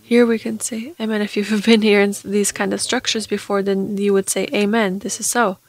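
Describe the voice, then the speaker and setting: A woman preaching a sermon, reading Scripture aloud and getting loud at emphatic points. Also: medium pitch, flat delivery, normal speed, poor audio.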